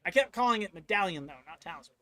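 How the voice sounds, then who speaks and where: A man's voice: high-pitched, animated, fast talker, pushed and bright. A man streaming a video game, chatting casually in rambling asides. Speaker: gaming streamer.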